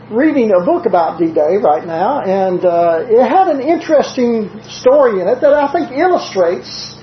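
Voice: medium pitch, slight background noise. Southern-accented preacher in a roomy hall. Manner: measured, slows down to stress quoted scripture; conversational asides with frequent "uh" fillers. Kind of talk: sermon. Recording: roomy, dull lo-fi recording.

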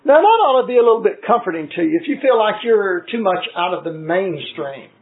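High-voiced preacher on a tinny line. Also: male voice, lively intonation. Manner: measured, earnest teaching with frequent scripture citations. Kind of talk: sermon. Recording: tinny phone-like recording.

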